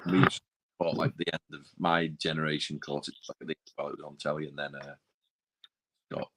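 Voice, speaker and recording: A very low-voiced man, chatting casually on a film podcast. He rambles, restarts his sentences and trails off into quiet, mumbled asides. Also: little pitch movement, fairly quick, noisy background. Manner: rambling, self-interrupting, drops into quiet asides. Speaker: podcast co-host. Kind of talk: casual chat.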